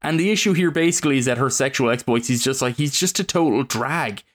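A man co-hosting a podcast, chatting casually about films, animated and quick to swear and laugh. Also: medium pitch. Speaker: podcast co-host. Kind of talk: casual film review chat.

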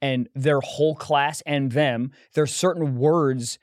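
A man co-hosting a podcast, bantering quickly and laughing often. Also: medium pitch, steady tone, no echo, studio quality. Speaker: podcast co-host. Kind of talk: casual chat.

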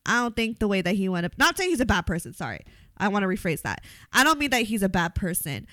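A woman's voice: medium pitch, big pitch swings, fast, fairly bright tone, no room sound. A young woman talking candidly in a casual chat, blunt and full of profanity, breaking into laughter often. Her voice sits in a middle range and sounds dry and close, with no room around it.

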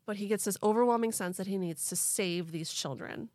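Animated young woman telling a story. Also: mid-range voice, fairly quick, no echo, clean studio sound. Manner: animated, laughing, lots of "like". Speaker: podcast host. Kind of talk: casual storytelling chat.

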